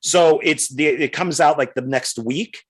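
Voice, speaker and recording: A middle-aged man co-hosting a podcast, telling a rambling story in a casual, animated way. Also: fairly high pitch, measured pace, slightly rough. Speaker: podcast co-host.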